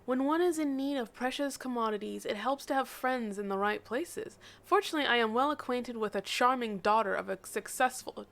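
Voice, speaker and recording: A woman reading a smooth, worldly male rogue's game lines aloud in her own voice. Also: fairly high pitch, a little fast, hardly any pauses, fairly bright tone. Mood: smug.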